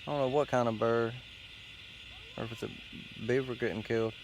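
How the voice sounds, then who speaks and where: A man's voice: mid-range voice, fairly even intonation, fairly quick, slight background noise. A man hosting a show, rambling casually outdoors while sitting against a tree, with loose, profane, meandering talk full of fillers. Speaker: host.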